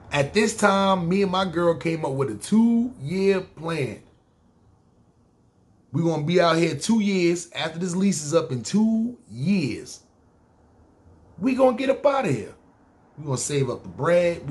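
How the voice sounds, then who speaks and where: A man with a New York accent telling his own story casually on a podcast, slangy and animated. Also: fairly high pitch. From New York City.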